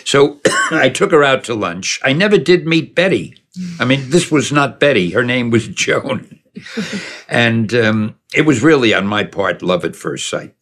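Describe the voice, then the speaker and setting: A man's voice: mid-range voice, lively intonation, unhurried, a bit bright. An older man telling a long personal story in a casual, digressive way, chuckling as he goes. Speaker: storyteller recalling his past. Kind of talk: casual spoken reminiscence.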